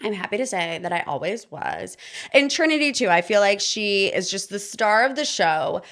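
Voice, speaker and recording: A young woman hosting a podcast, giving an opinionated, sarcastic recap of a reality dating show in a casual, animated way. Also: medium pitch, moderate pace. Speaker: podcast host.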